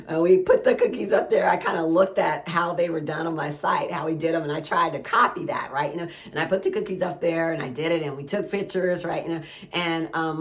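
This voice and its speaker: A middle-aged woman giving a casual devotional talk, telling stories in a chatty way and often asking "right?". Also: low voice. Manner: chatty storytelling with frequent "right?" and "y'all". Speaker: Christian ministry speaker.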